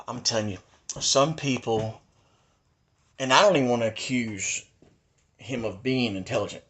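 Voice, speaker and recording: Tense, animated man ranting. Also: on the high side, moderate pace. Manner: insistent, repetitive, ranting. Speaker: video maker ranting on his channel. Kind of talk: heated monologue. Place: at his house.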